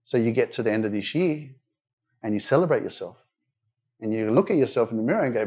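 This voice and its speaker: A man's voice: mid-range voice, animated, fast talker, darkish tone. A man in his thirties giving a blunt, emphatic live motivational speech at a wellness centre event, swearing freely as he pushes his audience. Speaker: motivational speaker.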